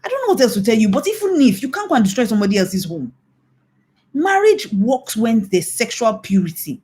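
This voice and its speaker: A woman's voice: fairly high pitch, very animated, fairly quick, darkish tone. A middle-aged Nigerian woman pastor giving a mentoring talk, emphatic and scolding, repeating her warnings. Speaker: pastor and infidelity recovery coach.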